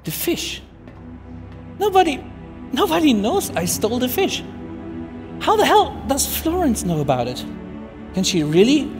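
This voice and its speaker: A man playing a nervous, soft-hearted airfield guard, stammering and emotional, in a live puppet show. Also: very high-pitched, full character voice. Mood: anxious.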